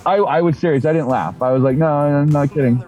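A man casually telling a profane story on a podcast in a deadpan way. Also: on the high side, fast, soft background music, poor audio. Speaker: podcast co-host.

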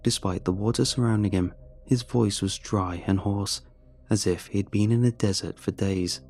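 A man reading a first-person horror story in a measured, steady way. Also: on the low side, faint music behind.

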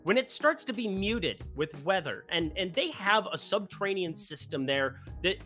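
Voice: mid-range voice, lively intonation, normal speed, bright, forceful tone, faint music behind. A sports betting host giving casual golf picks in an upbeat, jokey way, often ending phrases with a rising, question-like lilt.

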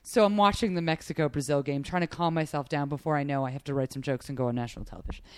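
A woman comedian hosting a casual chat, telling an animated, excitable story with many restarts. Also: sits low, rapid-fire, clean tone, dry recording, studio quality. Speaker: comedian podcast host.

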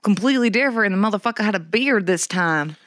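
A woman's voice: mid-range voice, lively intonation, quick pace, a bit bright, no room sound, studio quality, close to an everyday voice. A woman voicing two scornful older brothers who mock their foolish sibling with brash, profane jeers.

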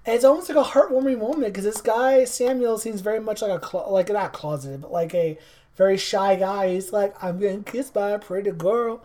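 Animated woman retelling a movie scene. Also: medium pitch, brisk. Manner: animated storytelling, acts out characters, laughs often. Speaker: podcast co-host recapping a movie. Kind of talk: casual chat.

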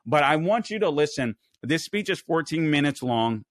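A man's voice: on the high side, expressive, normal speed, dry recording. A man hosting a political talk show, delivering heated, emphatic commentary with many fillers and restarts.

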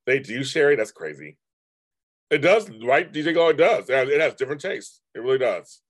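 A man's voice: mid-range voice, big pitch swings, brisk, no room sound. A man in his fifties hosting a live stream, chatting casually and rambling as he answers comments from viewers. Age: 50s.

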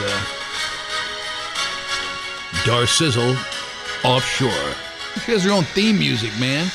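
A man hosting a radio show, chatting loosely and jokingly with plenty of fillers, on a studio microphone. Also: medium pitch. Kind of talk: casual morning radio chat.

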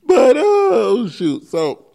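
A man's voice: very high voice, huge pitch swings, very slow, gravelly, a crowd in the background. A man co-hosting a casual comedy podcast, rambling with many fillers. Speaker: podcast co-host. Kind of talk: casual chat.

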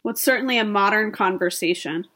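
A woman's voice: medium pitch, fast, fairly bright tone. Thoughtful woman in casual chat. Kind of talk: casual chat recapping a reality show.

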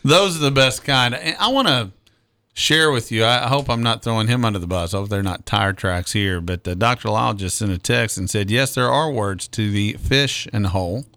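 A man's voice: medium pitch, normal speed, pushed and bright, clear, resonant tone, no echo. A man co-hosting a casual sports radio show, tired, stammering and laughing often.

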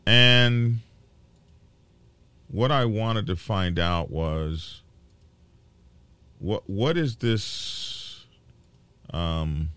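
Low-voiced guy hosting a biker show, lots of ums and restarts, sounds fed up, dry close sound. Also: animated, fairly bright tone, clear, resonant tone, dry recording. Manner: halting, with many fillers and repeated words; worked up and indignant. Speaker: biker news show host. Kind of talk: casual commentary to viewers.

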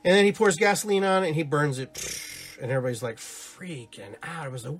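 A man hosting a spiritual podcast, talking casually and live to his listeners. He muses and rambles with many restarts and asides, and grows animated when he tells stories. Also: fairly high pitch, brisk, few pauses. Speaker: podcast host on spiritual and holistic topics.

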